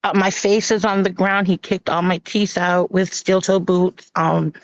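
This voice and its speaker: A woman telling her own hard story on a live stream, halting with many pauses and restarts and acting out what others said. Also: on the low side, steady tone, no room sound. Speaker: guest sharing her personal story. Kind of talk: emotional personal testimony on a live stream. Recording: dull lo-fi stream audio.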